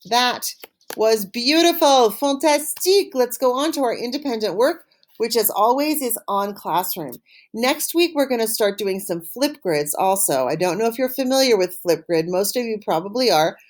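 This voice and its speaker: A woman teaching an online French lesson, saying words slowly and clearly for pupils to repeat and praising them warmly. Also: a little high, animated. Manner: encouraging, upbeat praise. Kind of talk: recorded online language lesson.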